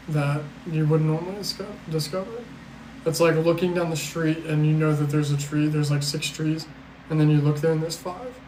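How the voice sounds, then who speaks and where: A man's voice: a little high, a little mellow, reverberant, a little hiss or hum, rough recording. A man hosting a casual livestream, answering chat questions in a rambling, blunt, profane way with sarcastic asides and a weary edge. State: tired. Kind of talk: casual live-stream chat.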